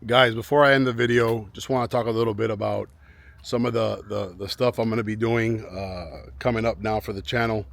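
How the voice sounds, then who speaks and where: A man's voice: lowish voice, fairly even intonation, a little fast, gravelly, a bit bright, no room sound. A man chatting to camera outdoors in a residential neighborhood, rambling and often repeating himself as he restarts sentences. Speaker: vlogger. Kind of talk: casual chat to camera.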